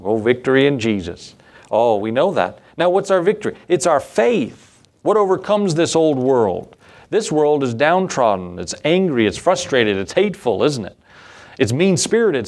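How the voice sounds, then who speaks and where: A man preaching a sermon as a pastor, in a conversational way, often asking the congregation rhetorical questions. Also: medium pitch.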